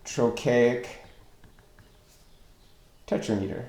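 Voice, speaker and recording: A man teaching a recorded online lesson on poetic meter, slow and deliberate as he counts out stresses and feet. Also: mid-range voice, darkish tone. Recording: echoey room.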